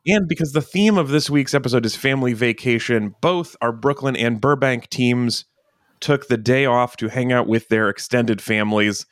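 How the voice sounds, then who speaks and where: A man's voice: mid-range voice, normal speed, no echo, studio quality. A man hosting a casual podcast, joking and rambling with fillers. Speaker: podcast host.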